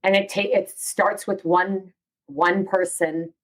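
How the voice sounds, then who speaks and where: A woman hosting a podcast interview, who listens and affirms her guest softly. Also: fairly low pitch, steady tone, slow pace, rough recording. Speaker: podcast host. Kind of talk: interview conversation.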